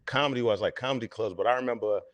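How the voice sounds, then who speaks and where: A man's voice: mid-range voice, very fast, fairly bright tone, muffled recording. A man who is a comedian guest, telling a self-mocking story in a laid-back way, with lots of slang.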